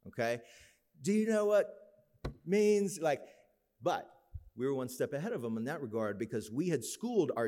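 A man's voice: on the high side, darkish tone. A middle-aged man telling a story in a sermon, acting out the voices in his story. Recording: long hall reverb.

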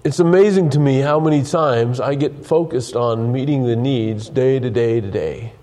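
A man's voice: mid-range voice, normal speed, warm tone. A man preaching a sermon, earnest and full of restarts, reading scripture aloud while losing his voice. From United States. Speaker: pastor.

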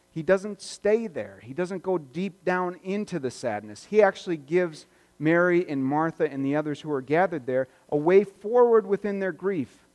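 Male pastor, sermon delivery, somewhat higher voice, conversational with quiet reflective dips, big reverberant sanctuary. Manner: conversational, reflective, swings between loud and hushed. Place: church sanctuary. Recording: long reverb of a church hall.

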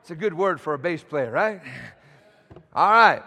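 A man preaching a sermon, swinging from shouts to quiet asides, calling for amens from the congregation. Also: a little high, lively intonation, normal speed, pauses often. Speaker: pastor. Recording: long hall reverb.

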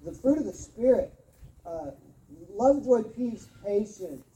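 A woman pastor giving a sermon, earnest and emphatic, often repeating words and pausing. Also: a little high, lively intonation, mellow, recorded from a distance. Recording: roomy sound from off-mic.

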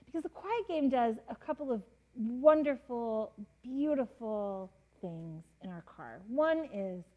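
Chatty mom teaching a Bible story. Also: female voice, medium pitch, dull audio. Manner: chatty, many fillers, laughs often, acts out quotes. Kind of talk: casual devotional Bible teaching.

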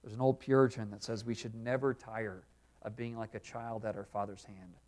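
A male pastor preaching an earnest expository sermon, dropping quiet when voicing prayers. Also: lowish voice, little pitch movement, a little fast.

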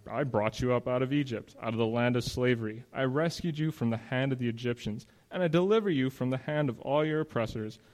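A man's voice: mid-range voice, darkish tone. Man preaching a casual sermon. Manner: conversational preaching with restarts and scripture reading. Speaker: pastor.

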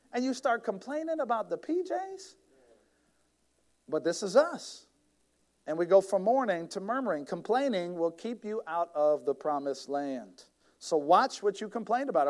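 High-voiced, animated male preacher. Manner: animated preacher, acts out whiny voices with big pitch jumps. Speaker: pastor. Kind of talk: sermon.

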